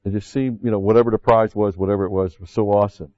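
A man's voice: lowish voice, fairly even intonation, fast, dark tone, dry recording, lo-fi sound. A man preaching a sermon as pastor, talking conversationally with frequent "see" asides and rising emphatically when he quotes scripture.

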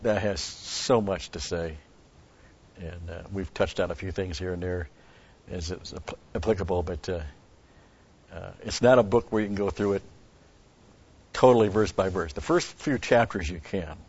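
A man's voice: low-pitched, measured pace, pauses often, a little mellow, breathy edge. A man giving a rambling Bible teaching, stressing key words and restarting his sentences. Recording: dull lo-fi recording.

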